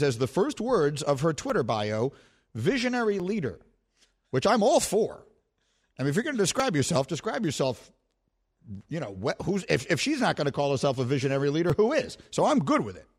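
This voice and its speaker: A middle-aged man hosting a sports talk show, chatting in a playful, talkative, self-mocking way. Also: a little high. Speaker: radio and podcast host. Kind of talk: casual sports talk banter.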